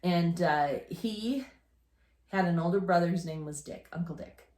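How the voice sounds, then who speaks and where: A woman in her fifties chats casually and tells family stories with restarts and easy laughter. Her voice sits fairly low, and the room around her is echoey and live. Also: measured pace, a little mellow. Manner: chatty, rambling storyteller with restarts and laughter. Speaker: podcast co-host telling family stories. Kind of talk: casual chat.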